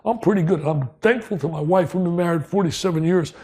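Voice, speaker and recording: An older man from New Jersey, telling stories as a guest in an interview, excitable and emphatic, repeating lines for punch. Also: sits high, fast, husky. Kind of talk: storytelling interview.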